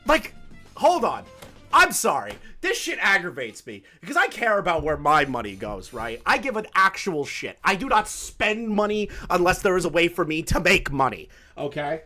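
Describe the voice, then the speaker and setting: Ranting high-voiced male streamer. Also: very animated, normal speed, pushed and bright, soft background music. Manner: profane, ranting, laughs often. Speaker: commentary streamer. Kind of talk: live-stream commentary.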